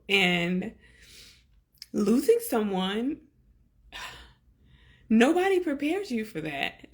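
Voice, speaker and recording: A woman hosting a podcast, talking earnestly to her listeners and gently coaching them in slow, deliberate phrases. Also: on the high side, sing-song. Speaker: podcast host. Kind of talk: reflective solo podcast talk.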